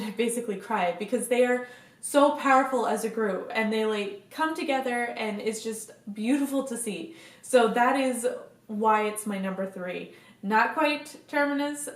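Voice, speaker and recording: A young woman vlogger chatting casually to camera, gushing enthusiastically and swearing now and then. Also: a little high. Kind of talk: casual fan chat to camera. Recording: echoey room.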